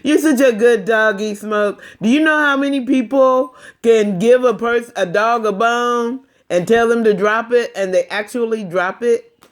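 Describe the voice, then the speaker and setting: Older woman, grandmother, slow coaxing voice, teasing, laughs a lot. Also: a little high. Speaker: grandmother training her dog. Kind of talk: casual home video.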